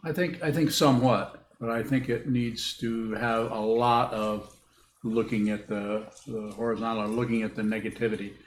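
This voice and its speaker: A man giving a dharma talk as a Buddhist teacher, answering questions in a halting, thoughtful way and repeating words as he rethinks. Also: fairly low pitch, steady tone. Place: meditation hall with a group. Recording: echoey room with faint hiss.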